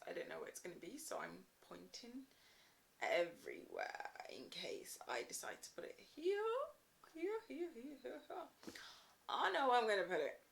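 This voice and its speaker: A woman's voice: medium pitch, bright, forceful tone. Young woman doing a book vlog, playful and jokey, voice jumps all over. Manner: playful, teasing, chatty. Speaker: book vlogger. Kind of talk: casual vlog to camera.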